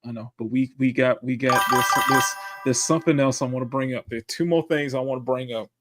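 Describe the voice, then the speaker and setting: A man hosting a casual live-stream chat, talking in a halting way with frequent restarts as he gathers his thoughts. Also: mid-range voice, steady tone, loud music behind the voice. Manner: halting, restarts often, stalls while collecting his thoughts. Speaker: livestream host.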